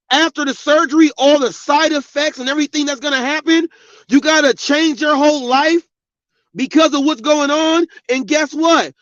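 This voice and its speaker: A man's voice: extremely high pitch, fairly bright tone, dry recording. A middle-aged man hosting a podcast, delivering an angry, profane, preachy rant. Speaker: podcast host. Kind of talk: ranting monologue. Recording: dull, lo-fi sound.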